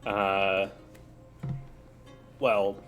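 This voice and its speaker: A man's voice: deep voice, flat delivery, fairly bright tone, faint music behind. A man chatting casually as a game player, swearing freely in his banter. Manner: slow, swearing, laughing banter. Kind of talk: casual chat.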